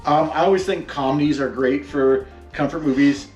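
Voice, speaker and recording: A man's voice: on the high side, moderate pace, reverberant, over music. Laid-back man chatting on a podcast. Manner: relaxed, filler-heavy, laughs easily. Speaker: podcast co-host. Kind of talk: casual chat.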